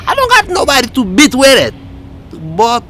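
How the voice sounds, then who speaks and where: A man acting in a comedy skit, talking excitably and tagging lines with "man". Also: very high voice, normal speed. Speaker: comedy sketch creator. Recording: noisy background.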